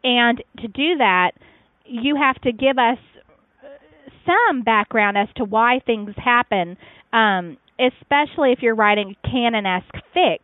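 A woman's voice: fairly high pitch, lively intonation, measured pace, no echo. A woman chatting casually as a podcast co-host reviewing fan fiction, rambling with frequent fillers and restarts. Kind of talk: casual chat. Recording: tinny phone-like line, dry.

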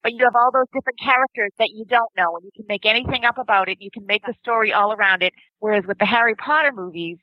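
A woman's voice: mid-range voice, quick pace, hardly any pauses, dry recording, lo-fi sound. A woman in casual chat, earnest and argumentative as she makes her case.

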